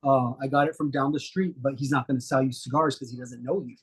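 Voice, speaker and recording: Husky-voiced man telling stories. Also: mid-range voice, fast. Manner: relaxed, rambling, many fillers. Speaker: guest. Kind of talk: casual storytelling interview.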